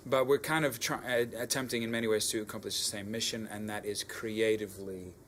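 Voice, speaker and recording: A young man with an Australian accent talks in a low voice, thoughtful and halting, pausing to find his words. A faint noise sits under his speech. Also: steady tone, fairly bright tone. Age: young adult. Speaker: band member guest. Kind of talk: reflective interview answers.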